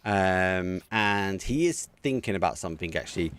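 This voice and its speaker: A man casting a live esports match as a community caster, chatty and excitable, talking to viewers between plays. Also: low voice, normal speed, clean tone. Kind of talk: live community game commentary.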